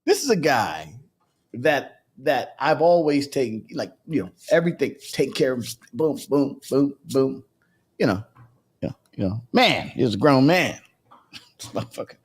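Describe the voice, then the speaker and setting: A man hosting a casual live show, chatting and bursting into loud, laughing rants. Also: medium pitch, animated, normal speed, slightly rough. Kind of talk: casual live-stream chat.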